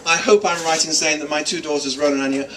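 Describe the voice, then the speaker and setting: A man's voice: fairly high pitch, steady tone, fast talker. A middle-aged man giving a joking father-of-the-bride wedding speech, teasing the guests. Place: wedding reception hall. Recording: distant, with crowd noise. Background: guests laughing and chattering.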